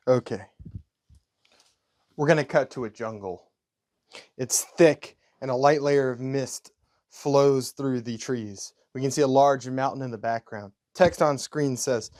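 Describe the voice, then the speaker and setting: A man reading his own screenplay aloud as a YouTuber, in slow, deadpan scene narration. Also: mid-range voice, faint music behind. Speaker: YouTuber writing a movie script.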